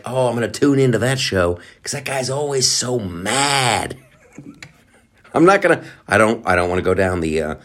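A man hosting a comedy podcast, talking in a rambling, profane, sarcastic monologue with lots of fillers. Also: lowish voice. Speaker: podcast host.

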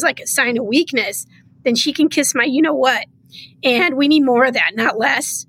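A woman's voice: high voice, a bit bright, dry recording, poor audio. A middle-aged woman speaking as a guest in a political interview, impassioned and emphatic. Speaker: state comptroller, guest.

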